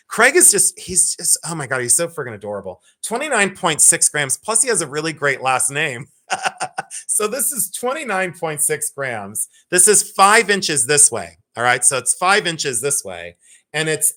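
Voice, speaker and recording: A man hosting a live-streamed jewelry sale, chatting, joking and teasing his viewers as he talks. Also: a little high. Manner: animated, joking, teasing, swearing. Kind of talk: live-stream sales chat.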